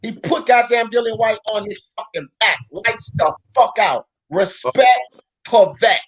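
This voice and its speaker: Ranting about boxing, a woman talk-show host curses openly and keeps escalating to shouts. Her husky voice sits slightly high for a woman, and she sounds animated yet unhurried, loud and profane, with heated, relentless conviction.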